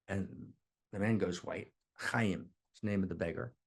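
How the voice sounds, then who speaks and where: A man with a low voice and a rough, gravelly edge tells a teaching story. He wanders off on tangents and keeps tossing in "right?" to check that his listeners are following. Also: fairly even intonation, normal speed. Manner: frequent "right?" check-ins, digressive. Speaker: spiritual teacher.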